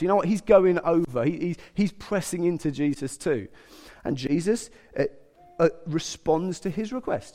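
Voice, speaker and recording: A middle-aged man preaching a sermon in a lively, conversational way, acting out quotes with humour. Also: fairly high pitch, unhurried. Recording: long hall reverb.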